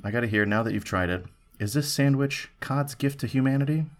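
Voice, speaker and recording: A man's voice: medium pitch, a little fast. A man hosting a casual food review podcast, playful and theatrical, full of puns. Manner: playful, punning, theatrical storytelling. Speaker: podcast host.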